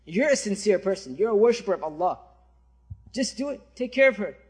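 Man voicing a sly whispering devil, coaxing, persuasive, high and husky. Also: very animated, brisk, a little mellow, full character voice.

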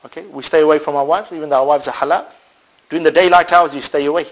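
Rapid-fire and fairly high in pitch, this man preaches an Islamic sermon to a live audience over a rough recording. He poses rhetorical questions only to answer them, mixes in Arabic religious phrases, and delivers it all animatedly, alternating loud and soft.

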